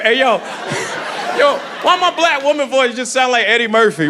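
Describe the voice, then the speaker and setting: A man performing a loud, animated stand-up set in a comedy club, telling stories full of voices and shouts. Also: extremely high pitch, measured pace. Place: comedy club with live audience. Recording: live club recording with crowd laughter and noise.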